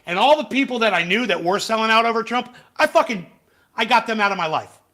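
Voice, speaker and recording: Angry streamer guy, high sharp voice, swears nonstop. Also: lively intonation, quick pace. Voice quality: profane, angry, shouting insults. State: has facial palsy flare-up. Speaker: livestream host. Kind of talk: ranting live commentary.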